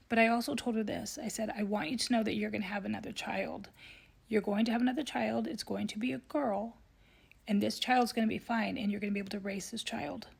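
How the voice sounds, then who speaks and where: Husky woman telling an emotional story. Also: medium pitch. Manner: tearful, earnest, drops to soft whispers. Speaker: psychic medium.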